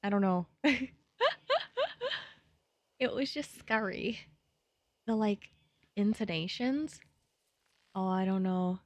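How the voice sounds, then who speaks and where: A woman's voice: medium pitch, slow, long pauses, dry recording. A young woman streaming a game live, reading its text aloud and chatting playfully, jittery when spooked.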